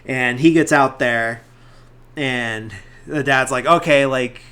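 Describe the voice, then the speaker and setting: Bright-voiced man rambling through a recap. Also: medium pitch, fairly even intonation, takes it slowly. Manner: rambling, filler-heavy retelling with acted-out quotes. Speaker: podcast host. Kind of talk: casual movie recap chat.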